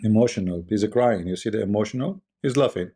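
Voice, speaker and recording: Scornful gravelly-voiced male commentator. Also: on the low side, fairly quick, mellow. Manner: scornful, rhetorical questions, repeats himself. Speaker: online commentator. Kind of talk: casual live-stream commentary.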